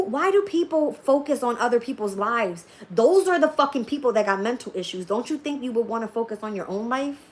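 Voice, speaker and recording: A woman's voice: fairly high pitch, slight background noise. A woman tarot reader in a casual live-stream rant, blunt and profane, often laughing as she talks. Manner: laughs often while talking.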